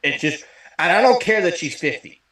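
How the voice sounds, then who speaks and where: Male co-host, playful banter, slightly high, lively pitch, roomy sound. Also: normal speed. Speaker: podcast co-host. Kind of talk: casual chat. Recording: echoey room.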